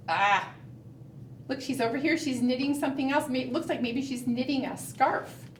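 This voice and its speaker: A children's librarian leading a preschool storytime, coaxing young children in an animated, encouraging way. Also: female voice, high voice, normal speed. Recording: roomy, from a distance, faint noise.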